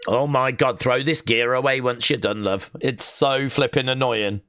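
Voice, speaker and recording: A young man hosting a live wrestling watch-along, calling the action and chatting with viewers, often shouting at big moves. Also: medium pitch, steady tone, normal speed, clear, resonant tone, no room sound.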